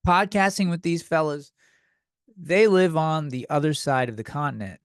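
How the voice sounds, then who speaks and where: A man's voice: on the high side, normal speed, dry recording, clean studio sound. A man hosting a comedy podcast, ranting in an exasperated, profane way. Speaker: podcast host.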